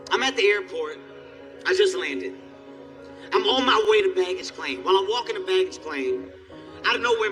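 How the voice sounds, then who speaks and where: High, bright-voiced stand-up comedian man. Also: in a large hall. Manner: animated, profane, jumps into high excited exclamations. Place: stage before a live audience.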